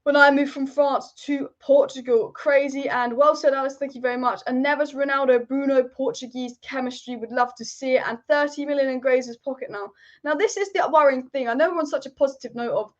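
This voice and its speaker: A woman's voice: high-pitched, fairly even intonation, fairly quick, dull audio. A woman hosting a live football chat stream, reading viewer comments and giving strong, rambling opinions that she repeats for emphasis. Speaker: football channel host.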